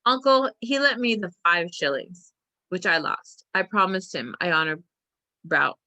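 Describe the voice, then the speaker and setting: A woman voicing an earnest, secretive young boy who speaks gravely and pleads with his uncle. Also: on the low side, sing-song, a little slow, bright, forceful tone, no echo, exaggerated voice.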